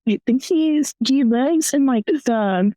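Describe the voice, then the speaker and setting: A woman's voice: high voice, slow pace, mellow, no room sound, poor audio. A young woman co-hosting a casual chat, blunt, profane and joking. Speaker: podcast co-host.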